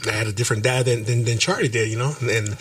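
A man hosting a casual podcast chat, easygoing and quick to laugh along. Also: medium pitch, steady tone, fairly bright tone, slightly rough, no echo, recorded from a distance. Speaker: podcast host. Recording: dry sound, speaker off mic.

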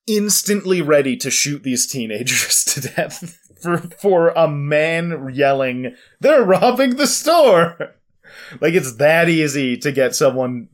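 A young man casually recapping an anime episode on a podcast, rambling with fillers and laughs. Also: mid-range voice. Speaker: podcast co-host.

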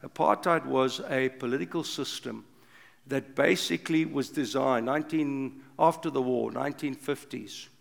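Older man, gravelly voice, impassioned sermon, loud bursts and hushed passages, long hall reverb. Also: medium pitch, moderate pace. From South Africa. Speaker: preacher.

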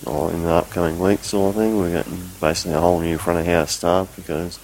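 Deep, gravelly man, rambling, self-mocking; recorded message with faint hiss. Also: steady tone, fast talker, darkish tone, poor audio. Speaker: listener sending a recorded report.

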